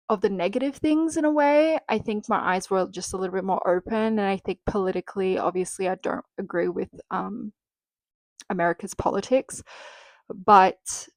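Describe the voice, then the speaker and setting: A woman's voice: mid-range voice, dry recording. Chatty Australian woman podcaster, dry sound. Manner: chatty, frequent "um" and "like" fillers, swears casually. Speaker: podcast host. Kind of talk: casual solo podcast chat.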